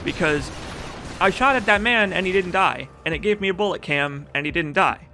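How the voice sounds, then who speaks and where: Man, speedrun commentary, slightly high voice, crude and jokey, game music clear behind. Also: moderate pace, sharp tone. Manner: joking, profane and rambling, reads chat aloud. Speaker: speedrunner commenting on his own run.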